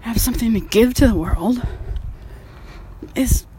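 A woman's voice: fairly high pitch, a little slow, mellow, breathy edge. A woman painter talking frankly while walking outdoors, sighing and swearing casually, a bit out of breath. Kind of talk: casual vlog monologue.

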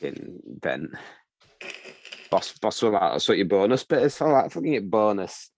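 A young man, exhausted after a long shift, telling a sweary, animated story on a video call. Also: lowish voice, normal speed, slight background noise. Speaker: video call chat participant. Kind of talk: casual chat.

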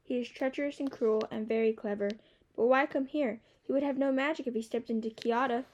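A woman voicing a grave, measured young man. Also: fairly high pitch, steady tone, a little mellow, lo-fi sound, natural voice. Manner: slow, measured, subdued.

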